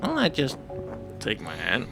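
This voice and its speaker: A man playing in a tabletop game, talking slowly and hesitantly as he thinks aloud about his moves. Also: medium pitch, wildly swooping pitch, gravelly, pushed and bright, faint music behind. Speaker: player. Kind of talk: casual tabletop play.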